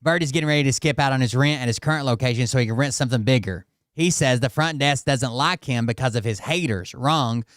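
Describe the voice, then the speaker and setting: A man hosting a reaction show, delivering mocking, deadpan commentary and swearing casually. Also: mid-range voice, quick pace, few pauses, dry recording, clean studio sound. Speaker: host.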